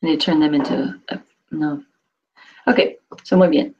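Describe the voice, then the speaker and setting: A woman teaching a Spanish class, reading phrases slowly and translating them with patient explanations. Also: low voice, mellow, breathy edge. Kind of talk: classroom instruction. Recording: dull lo-fi classroom recording.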